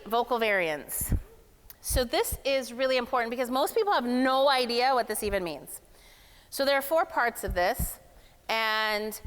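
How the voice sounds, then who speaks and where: A woman giving a lively, playful workshop talk at a summit, speaking casually to a live room. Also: on the high side, clean tone. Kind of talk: energetic motivational workshop talk. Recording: long hall reverb.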